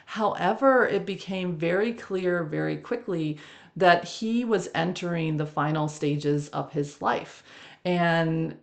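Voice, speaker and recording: A woman's voice: on the low side, slow pace, creaky. A woman hosting a reflective spiritual podcast, telling a personal story and laughing often between phrases. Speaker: podcast host.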